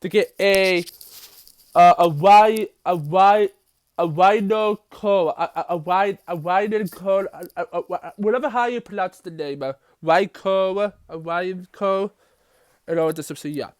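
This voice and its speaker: A man's voice: high-pitched, a little slow, smooth, no room sound, studio quality. A man reviewing a TV episode, recapping the plot in a rambling way with many fillers and restarts.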